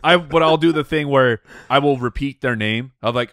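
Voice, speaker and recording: A man's voice: mid-range voice, moderate pace, a bit bright, no echo, studio quality. A man co-hosting a comedy podcast, chatting playfully in casual banter. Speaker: podcast co-host.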